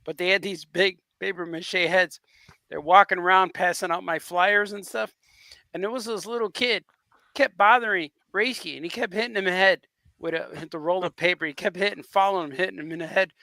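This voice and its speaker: A man's voice: high voice, fairly even intonation, creaky, bright, forceful tone, no echo. A man hosting a podcast, chatting casually and telling a story with frequent laughs. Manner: quick reactions, laughing storyteller. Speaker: podcast host, comics creator. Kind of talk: casual chat.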